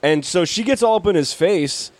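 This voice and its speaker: A man's voice: high voice, expressive, moderate pace, dry recording. A man co-hosting a podcast in casual chat, laughing often and chiming in with agreement. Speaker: podcast co-host.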